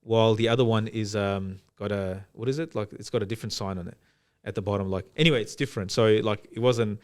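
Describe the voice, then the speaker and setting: A man's voice: on the low side, fairly even intonation, quick pace, a little mellow, clear, resonant tone. Hesitant man, rambling podcast chat. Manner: rambling, hesitant, many fillers and restarts. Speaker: podcast co-host. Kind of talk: casual chat.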